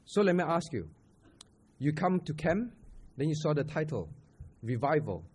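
A man's voice: fairly high pitch, very animated, moderate pace, darkish tone, slightly rough. A man with a Singaporean English accent preaching a sermon at a church camp. He talks to the audience conversationally, asks questions and repeats his points. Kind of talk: sermon teaching on scripture.

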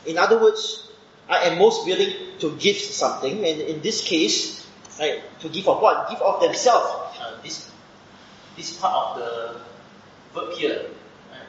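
This man's voice runs on the high side, with lively intonation and a measured pace. He's a preacher giving a Bible study sermon, explaining scripture step by step and regularly checking in with a questioning "right?". The recording sounds dull and muffled, with room echo and faint background noise.

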